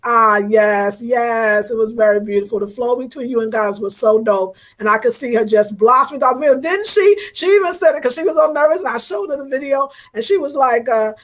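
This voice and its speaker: Woman doing a casual livestream, gushy and warm with her viewers, a bit higher pitched, gets emotional. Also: brisk, hardly any pauses. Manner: effusive and affectionate, thanking viewers by name; emotional, voice wavering at times. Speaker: livestream host reading viewer comments.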